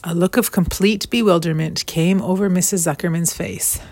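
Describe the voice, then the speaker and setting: A woman reading a children's storybook aloud in a gentle, measured way. Her voice is fairly low and sits dry and close, with no room sound. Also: steady tone, no room sound. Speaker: storybook reader.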